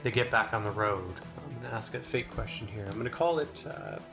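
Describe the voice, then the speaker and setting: A man narrating a solo tabletop game as game master, relaxed, with many filler sounds. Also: mid-range voice, a little fast. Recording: voice over clear background music.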